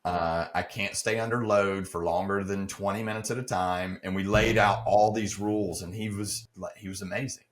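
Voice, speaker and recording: A man's voice: sits low, steady tone, moderate pace, few pauses. A middle-aged man earnestly telling a personal story as a podcast guest, acting out the dialogue he quotes.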